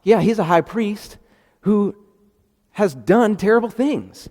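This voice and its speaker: A man voicing a mocking, accusing male spirit as Satan, raised high and loud in a reverberant hall. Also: slow.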